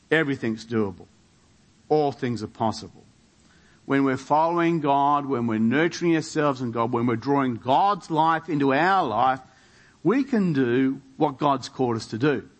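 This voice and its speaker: A man preaching a sermon in a church, building to emphatic rhetorical questions. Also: mid-range voice. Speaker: pastor.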